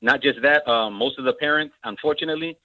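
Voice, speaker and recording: Fast-talking man on a dull, dry line. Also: mid-range voice, no room sound. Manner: eager, agreeing, stumbling restarts.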